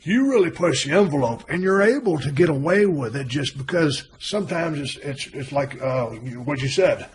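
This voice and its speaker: A man's voice: a little high, lively intonation, normal speed, few pauses, slight background noise. A man hosting an interview, a former wrestler telling stories in an easygoing, chatty way. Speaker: podcast host and former wrestler. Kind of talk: casual interview chat.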